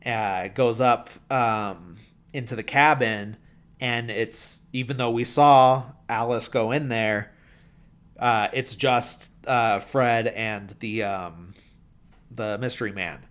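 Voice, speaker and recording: A man at a relaxed, unhurried pace, talking through a movie's plot in a loose, rambling way. He leans on fillers and drops his voice into soft mumbles when he quotes characters. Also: medium pitch, clear, resonant tone. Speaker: podcast host. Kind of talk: casual film recap.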